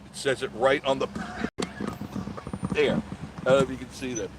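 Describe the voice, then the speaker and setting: A man's voice: medium pitch, fairly even intonation, unhurried. A man hosting a casual live stream from inside his car, rambling, joking and answering viewer comments, recorded on a phone on a gimbal. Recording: clear traffic noise behind the voice.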